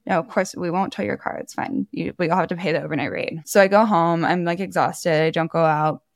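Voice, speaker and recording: A woman co-hosting a podcast, telling a story in a lively, laughing way and acting out the people she quotes. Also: on the low side, fairly quick, gravelly, no room sound, studio quality. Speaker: podcast co-host. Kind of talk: casual storytelling chat.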